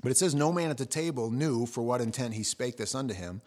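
A middle-aged man preaching a sermon, telling the story with lively, acted-out quotes. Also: fast. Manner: animated storytelling, acting out quotes with jumps in pitch and volume. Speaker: pastor.

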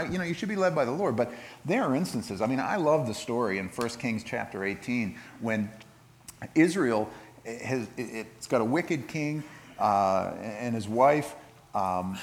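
A man preaching a sermon in a conversational way, retelling scripture with lively asides and frequent restarts. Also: mid-range voice. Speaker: pastor.

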